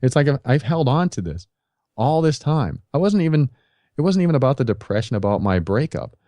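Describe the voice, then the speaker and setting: A man's voice: mid-range voice, sing-song, brisk, dark tone, no echo. A middle-aged man, a podcast guest, telling a candid personal story and giving earnest, confessional advice. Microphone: podcast microphone.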